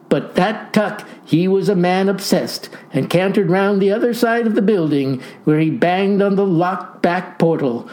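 A man's voice: high voice, unhurried, hardly any pauses, a little mellow. Wry folksy male storyteller. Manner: dry, wry storytelling with folksy old-fashioned phrasing. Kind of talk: scripted comic narration.

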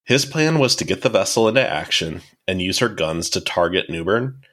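A man's voice: low voice, animated, moderate pace, a bit bright. A man hosting a podcast, telling a history story in a casual, explanatory way with dry asides. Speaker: podcast host.

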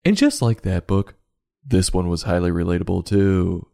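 A man's voice: low voice, normal speed, gravelly, mellow. A man hosting a comedic podcast that reviews children's books, with a sarcastic, jokey delivery.

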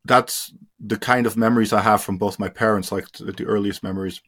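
Low-voiced man, halting and subdued. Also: fairly even intonation, slightly rough. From India. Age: adult. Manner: halting, frequent fillers and restarts; subdued, trailing off quietly. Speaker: interview guest. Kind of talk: personal testimony in an interview.

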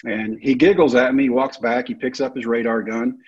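A man's voice: mid-range voice, steady tone, normal speed, darkish tone, breathy edge, muffled recording. A man, telling his life story and acting out the other people's lines. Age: 30s. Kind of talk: storytelling talk.

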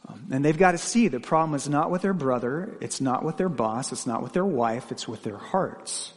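A man's voice: mid-range voice, lively intonation, moderate pace, in a large hall. A man preaching a sermon, asking the congregation questions and telling stories from his own life. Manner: questioning, earnest, personal anecdotes. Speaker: pastor.

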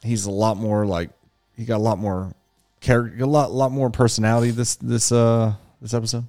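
A man's voice: on the low side, steady tone, fairly quick, mellow, faint music behind. A man co-hosting a casual movie podcast, swearing eagerly and tagging "right?" onto his points. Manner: enthusiastic, profane, rhetorical "right?". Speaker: podcast co-host.

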